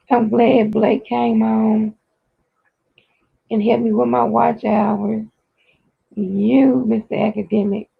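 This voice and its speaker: A livestream host with a raspy voice, chatting casually with viewers and playfully scolding them over and over. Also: medium pitch, level tone, slow, pauses often. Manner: playful mock-scolding, repetitive. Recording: tinny phone-like audio.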